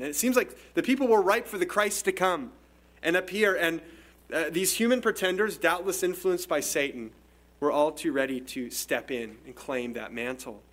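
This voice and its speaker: A man's voice: on the high side, fairly bright tone. A man preaching an expository sermon in a conversational, explanatory way, often restarting phrases. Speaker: pastor.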